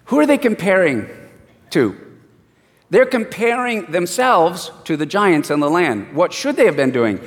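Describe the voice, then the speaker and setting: A man preaching a sermon and reading scripture, an animated storyteller who acts out the voices. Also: high-pitched, measured pace, long reverb tail.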